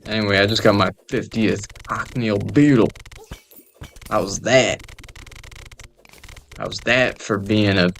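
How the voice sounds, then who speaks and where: A man's voice: fairly low pitch, takes it slowly, long pauses, fairly bright tone, a little hiss or hum. A man joking and rambling through casual gameplay commentary, often trailing off into mumbled asides. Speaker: gamer recording gameplay.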